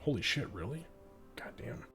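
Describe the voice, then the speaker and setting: A man's voice: medium pitch, sing-song, normal speed, vocal fry, a bit bright. A man running a tabletop game as game master on a stream. He talks casually, with fillers and the odd curse. Faint music runs underneath. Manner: casual, swears, many fillers.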